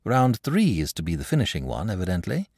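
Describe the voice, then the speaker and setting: A man reads out an eager young boy in a storybook tale, chattering excited asides to himself. The voice stays low and dry with a lively, swinging pitch. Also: a little fast, husky, dry recording, full character voice. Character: eager young boy watching a staged fight.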